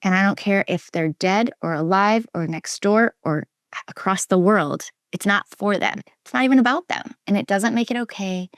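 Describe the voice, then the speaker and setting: A woman from Minnesota, a guest and relationship coach, telling her personal story in an interview. She speaks earnestly and emphatically, restarts often, and drops to a soft near-whisper at heavy moments. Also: medium pitch, normal speed, dry recording, studio quality. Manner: earnest and emphatic, with frequent restarts and quoted inner voices.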